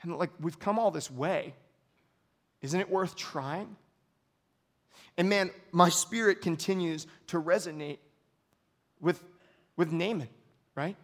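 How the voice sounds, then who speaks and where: A male pastor delivering an earnest, confessional sermon to a church congregation, moving from quiet reflection to loud outbursts. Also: fairly high pitch, slow, long pauses.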